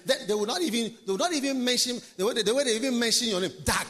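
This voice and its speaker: A male pastor preaching an emphatic, repetitive sermon in a high, bright voice. He swings between hushed lines and shouts, and a long reverb fills the large conference hall. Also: lively intonation, racing, hardly any pauses.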